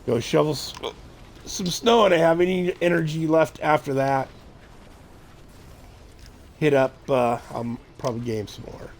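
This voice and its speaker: A middle-aged male game streamer chats casually while he plays. He rambles and thinks aloud, taking his time. His pace stays slow and unhurried. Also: a little high, creaky. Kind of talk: casual gameplay chatter.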